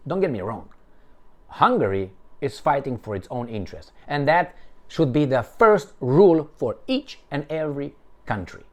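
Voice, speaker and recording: Man, solo political commentary, sarcastic, emphatic, very expressive pitch, reads articles aloud. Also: moderate pace. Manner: animated and sarcastic, with emphatic swings and mocking asides. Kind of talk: solo commentary, reading and reacting to news articles.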